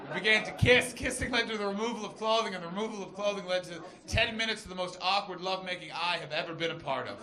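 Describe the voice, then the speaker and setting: A man performing a stand-up comedy set on stage, telling a story with animated delivery and shouted punchlines. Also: sits high, reverberant, slight background noise. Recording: live club recording with crowd laughter. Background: audience laughing.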